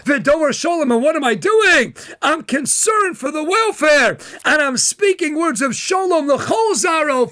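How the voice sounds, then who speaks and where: A man, a rabbi, giving a Torah lecture in an impassioned style, often raising his voice to a shout and acting out quoted voices. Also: very high voice.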